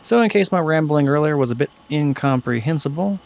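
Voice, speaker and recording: Brief: male gaming host, casual rambling commentary, slightly higher voice. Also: expressive, a little fast, vocal fry, few pauses, darkish tone, slight background noise. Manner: chatty, rambling, self-deprecating.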